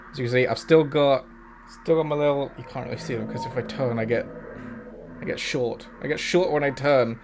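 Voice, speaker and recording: Giggly male streamer chatting casually. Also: mid-range voice. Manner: chatty and giggly, often breaking into laughter. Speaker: VTuber streamer. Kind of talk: casual livestream chat.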